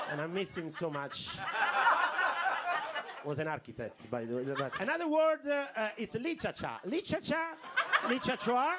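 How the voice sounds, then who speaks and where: A man from Italy with an Italian accent doing stand-up, playful and drawing out words as he repeats them. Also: high-pitched. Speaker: stand-up comedian. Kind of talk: stand-up routine. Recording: loud noise on live stage recording.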